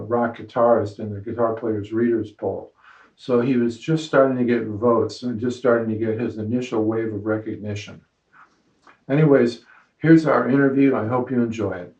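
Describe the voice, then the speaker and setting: An older man narrating a personal story as host, relaxed and conversational with the odd filler. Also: mid-range voice. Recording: echoey, dull lo-fi sound.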